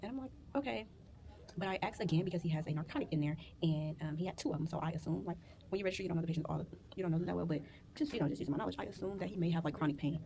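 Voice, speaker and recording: A young woman talks through her workday as a nurse in a loose, chatty vlog. She races along at a brisk clip and tells her stories in animated bursts. Her voice sits a little low for a woman, with a faint hum of room noise behind it. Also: creaky. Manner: chatty and animated, retells exchanges in quick bursts. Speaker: licensed vocational nurse. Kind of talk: casual vlog chat.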